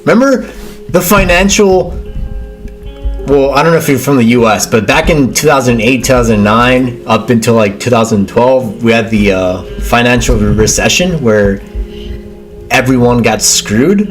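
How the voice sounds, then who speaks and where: A young man hosts a laid-back movie watchalong, talking over the film. He stammers and doubles back on his words, throwing in "dude" every few lines. His voice sits at an ordinary middle pitch. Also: normal speed, faint music behind. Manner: stammering, repeats words, says "dude" a lot. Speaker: livestream host. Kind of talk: casual movie watchalong commentary.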